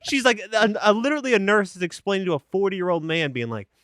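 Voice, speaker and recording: Animated male comedian telling a story. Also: high-pitched, fast talker, no echo, clean studio sound. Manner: animated storyteller, acts out people he quotes. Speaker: stand-up comedian and podcast co-host. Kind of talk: casual podcast chat.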